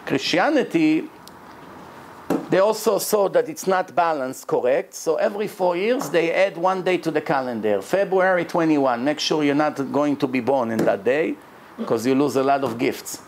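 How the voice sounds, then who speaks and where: A man's voice: fairly high pitch, moderate pace, a little hiss or hum. A man, a rabbi who speaks natively, giving an emphatic religious lecture in English.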